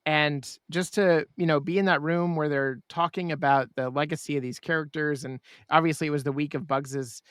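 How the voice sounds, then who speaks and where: Guy with a fairly high voice hosting a podcast, earnest, dry close sound. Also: fairly even intonation, normal speed, few pauses, fairly bright tone, clean tone, no room sound. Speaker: podcast host. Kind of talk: casual chat.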